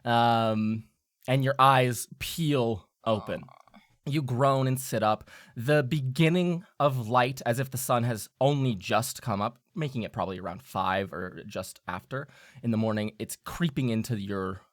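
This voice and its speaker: A man's voice: mid-range voice, measured pace, dry recording. A man running a tabletop game as game master, narrating scenes in a loose, rambling way with small fillers.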